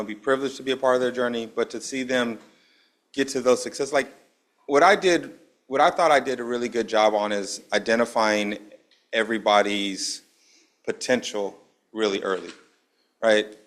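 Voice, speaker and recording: A man's voice: mid-range voice, moderate pace. A man, a basketball coach on a panel, answering in a casual, reflective way. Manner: reflective, casual, uses "right?" as a tag.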